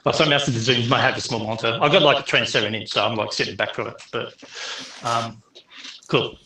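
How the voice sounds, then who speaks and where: A man's voice: medium pitch, fairly even intonation, pushed and bright, roomy sound, low-quality recording. A middle-aged man, teaching an online class in a chatty way full of fillers. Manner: chatty, filler-heavy, speeds up and slows down. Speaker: university lecturer.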